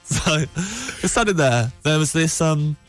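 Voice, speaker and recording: A man's voice: on the high side, very animated, a little slow, fairly bright tone, faint music behind. A man hosting a podcast, telling a long anecdote in a rambling, self-deprecating way with many restarts. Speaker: podcast host.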